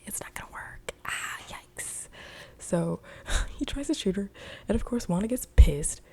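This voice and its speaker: A woman giving a casual, chatty recap of a TV episode, animated and full of slang. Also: mid-range voice, measured pace, vocal fry, in a whisper. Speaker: TV show reviewer.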